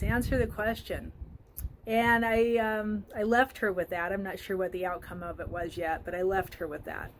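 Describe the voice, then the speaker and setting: A woman's voice: mid-range voice, steady tone, moderate pace, a little hiss or hum. A woman life coach talking earnestly outdoors in a casual motivational vlog, with frequent ums, filmed on a phone. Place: outdoors by a flowering tree.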